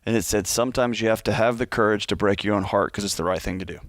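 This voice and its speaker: A man's voice: on the low side, fast, dry recording, clean studio sound. A man co-hosting a call-in advice show, reflective and teasing, telling short stories to make his point. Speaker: radio co-host. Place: radio studio. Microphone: close studio mic.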